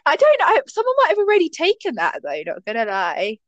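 A woman's voice: sits high, wildly swooping pitch, fairly quick, a bit bright, no echo. A young woman, co-hosting a podcast in casual chat, giggly and chatty with lots of fillers. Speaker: podcast co-host.

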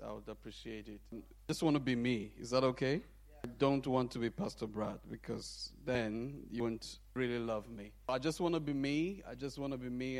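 A man preaching as a guest in a church, humble and soft-spoken with halting fillers, then leading worship singing. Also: mid-range voice. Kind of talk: sermon opening and worship singing. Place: church sanctuary.

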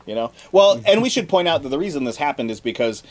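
A man's voice: on the high side, sing-song, quick pace, crowd noise. A young man co-hosting a casual history podcast, joking and swearing in his asides. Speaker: podcast co-host. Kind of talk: casual comedic history chat.

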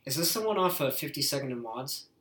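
A man's voice: mid-range voice, lively intonation, fast talker, a bit bright. A man hosting a podcast, chatting casually in a blunt, rambling way with heavy swearing. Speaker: podcast host. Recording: roomy, echoey room.

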